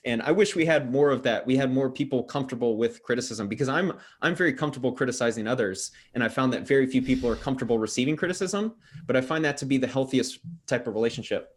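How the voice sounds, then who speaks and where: A man hosts a casual interview on his own channel. He talks fast and earnestly, agreeing readily and asking direct questions. His pitch is ordinary. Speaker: channel host.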